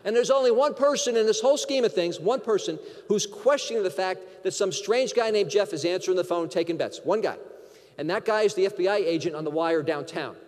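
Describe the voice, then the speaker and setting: A man from Connecticut giving a keynote speech, telling a lively anecdote and acting out the dialogue. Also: sits high, brisk. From Connecticut, USA. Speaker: keynote speaker. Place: large conference hall. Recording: long hall reverb.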